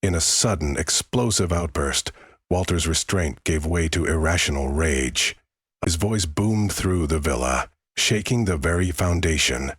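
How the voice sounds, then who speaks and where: A man's voice: rumbling low, measured pace, a bit bright, slightly rough, no room sound, studio quality. A man giving grave, dramatic scripted true-crime narration.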